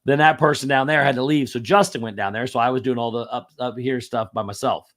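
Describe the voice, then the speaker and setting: Animated storytelling man, chuckling often. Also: mid-range voice, quick pace. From Indiana. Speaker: podcast host. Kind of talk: casual chat, storytelling.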